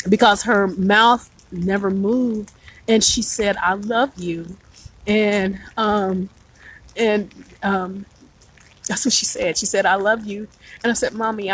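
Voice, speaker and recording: A woman's voice: medium pitch, fairly bright tone, rough recording. A woman hosting a live stream, telling a personal spiritual story in an earnest, emotional way and greeting viewers as she goes.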